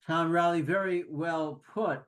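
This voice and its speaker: A man's voice: a little high, steady tone, unhurried, poor audio. A man hosting a TV program, courteously introducing and prompting his guest. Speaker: TV program host. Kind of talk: broadcast interview hosting.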